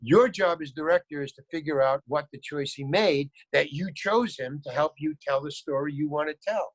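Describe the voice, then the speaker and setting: Older male actor guest, higher-than-usual voice, loose rambling storyteller, dry close recording. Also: normal speed, dry recording, rough recording. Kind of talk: casual interview storytelling.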